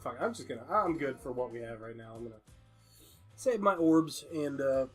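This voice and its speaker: A man hosting his own let's play in casual chat, expressive and profane. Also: mid-range voice, moderate pace, soft background music.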